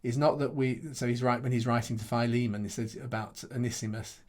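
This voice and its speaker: A middle-aged man, a pastor answering questions after a teaching session in a halting, thoughtful way, restarting often and chuckling between points. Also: mid-range voice, steady tone, a little mellow.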